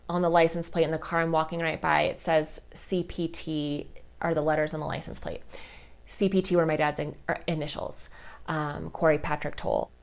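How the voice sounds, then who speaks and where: A woman's voice: low voice, clean tone. A woman hosting a podcast, telling a personal story in an open, emotional way, full of "like" and "you know". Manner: chatty, many fillers like "like" and "you know"; open and emotional about grief. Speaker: podcast host.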